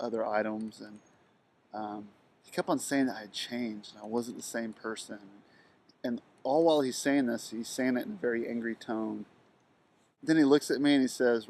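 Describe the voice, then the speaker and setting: A middle-aged man talking through a personal story in a halting monologue, with many ums and restarts. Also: medium pitch, creaky. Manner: halting, with frequent ums and restarts, flat delivery. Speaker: video blogger telling a personal story.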